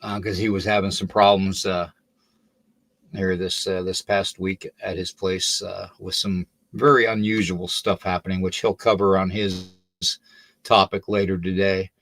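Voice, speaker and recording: A man's voice: sits low, level tone, measured pace, a bit bright, dry recording. An older man hosting a paranormal podcast livestream, tired and a little out of breath, chatting loosely and greeting viewers by name. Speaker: podcast host. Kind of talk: casual livestream talk.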